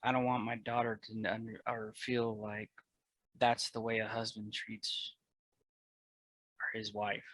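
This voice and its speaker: A man talking earnestly as a podcast guest about his marriage and his faith, getting loud and fervent at times. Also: on the low side, monotone, measured pace, pauses often, poor audio. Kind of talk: candid personal conversation.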